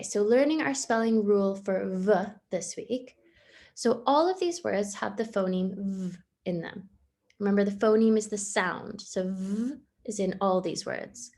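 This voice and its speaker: A young woman teaching a recorded spelling lesson to young children, cheerful, slow and clear, sounding out words. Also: on the high side, darkish tone. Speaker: primary school teacher.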